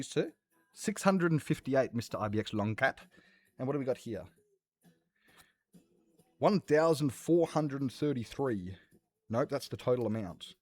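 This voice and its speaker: A young Australian man chatting casually on a livestream, swearing freely and laughing often. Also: mid-range voice. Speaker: streamer.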